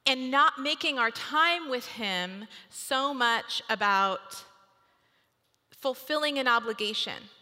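Woman, 30s, devotional speaker, bright tone, chatty and playful, long hall reverb. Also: high voice, animated, slow. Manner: chatty, acts out family dialogue. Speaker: speaker giving a devotional talk. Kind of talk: conversational devotional talk.

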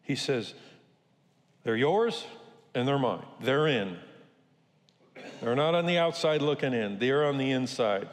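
An older pastor preaches to his congregation in a church sanctuary, keeping the sermon conversational and full of jokes. His mid-range voice has lively intonation and runs a little slow with frequent pauses, echoing in the reverberant hall.

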